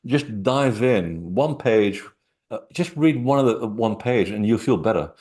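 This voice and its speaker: A man's voice: fairly low pitch, animated, measured pace, darkish tone. A middle-aged man, a guest author, talking casually in an interview and telling rambling anecdotes with many fillers.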